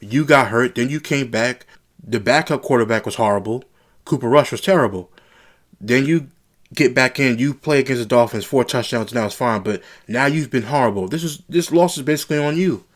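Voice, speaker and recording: A man's voice: mid-range voice, moderate pace. A man giving a casual, frustrated sports reaction, often repeating himself as he gets worked up. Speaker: sports commentary vlogger.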